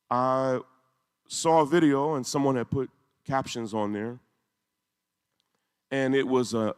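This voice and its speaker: A man's voice: mid-range voice, clear, resonant tone. A man giving an emotional, intense talk, telling a story with rising emphasis. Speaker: speaker. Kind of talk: emotional speech to a congregation. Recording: echoey hall.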